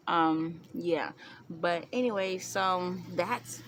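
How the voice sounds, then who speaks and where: A woman's voice: on the low side, steady tone, unhurried, background noise. A young woman tells a story to camera in a chatty way, laughing and acting out what people said. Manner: chatty, laughing, acts out quotes with squeals. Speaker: vlogger.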